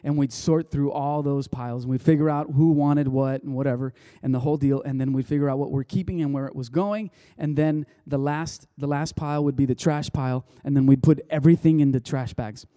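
Conversational pastor with a mellow, dry voice. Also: male voice, medium pitch, fairly even intonation, fairly quick, hardly any pauses, clear, resonant tone, dry recording. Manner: conversational, full of restarts and "like". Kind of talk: sermon storytelling.

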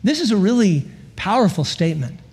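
A man's voice: sits high, very animated, a little fast, a little mellow, husky. A man preaching a sermon as pastor, telling stories with laughs and repeated stammered words.

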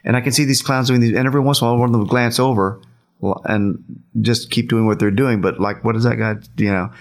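A man's voice: medium pitch, fairly even intonation, fast. A man casually telling a long anecdote, laughing often, repeating himself, and acting out what people said.

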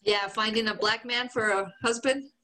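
A woman's voice: medium pitch, fairly even intonation, normal speed, bright, forceful tone, rough recording. A woman co-hosting a podcast, telling a story in casual chat, swearing and laughing often. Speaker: podcast co-host.

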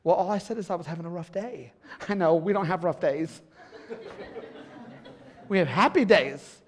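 A middle-aged male pastor preaching a sermon in a church, dropping to a hush and then building to shouts, laughing along with the congregation. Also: sits high, normal speed. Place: church sanctuary.

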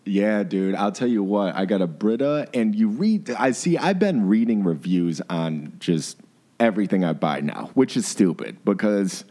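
A man's voice: on the low side, animated, moderate pace, warm tone. Crude ranting young comedian guy. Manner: crude, ranting, says "dude" and "bro" a lot. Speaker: comedian co-host. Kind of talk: casual comedic chat.

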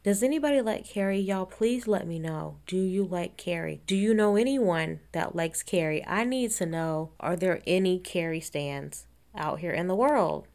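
A woman's voice: lowish voice, normal speed, creaky, darkish tone. Blunt, sarcastic woman recapping TV. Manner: blunt, sarcastic, profane, laughs often. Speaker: reality TV recap host. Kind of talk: casual episode recap.

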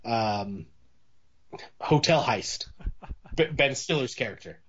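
A man's voice: medium pitch, expressive, slow pace, fairly bright tone. Rambling man with a dull lo-fi sound. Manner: rambling, many restarts and fillers. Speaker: podcast co-host. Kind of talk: casual movie discussion. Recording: dull lo-fi audio.

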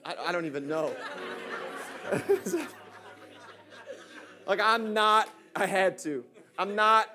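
A man preaching in a church with a very high, bright and forceful voice. He talks in casual slang and keeps calling out to the congregation. Faint instrumental music plays behind him. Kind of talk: energetic sermon.

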